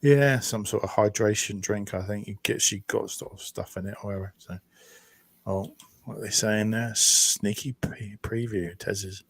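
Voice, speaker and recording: A man's voice: on the low side, steady tone, moderate pace, no echo. Chatty man on a live stream. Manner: chatty, reads out chat messages. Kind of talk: casual chat.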